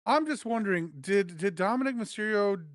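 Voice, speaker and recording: Sarcastic man with a high, lively voice. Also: brisk, no room sound. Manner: dry, sarcastic, scornful. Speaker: wrestling show co-host. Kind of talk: casual review chat.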